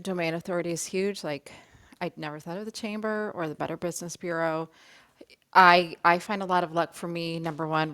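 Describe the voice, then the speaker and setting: A woman joins a casual panel podcast as a guest, chatty and self-deprecating. Her voice sits slightly low, and she giggles now and then. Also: a bit bright, no room sound.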